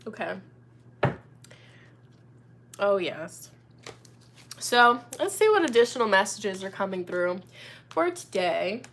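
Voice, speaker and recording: A woman's voice: medium pitch, sing-song, slow, pauses often, a bit bright, slight background noise. A young woman hosting a casual live chat as a tarot reader, talking in an upbeat, rambling way full of "you know" and "like". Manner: chatty, upbeat, lots of fillers like "you know" and "like".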